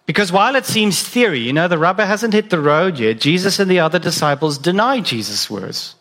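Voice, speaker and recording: A man's voice: high-pitched, lively intonation, brisk, a bit bright. A man preaching a sermon in a conversational way, asking the listeners direct questions. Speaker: pastor.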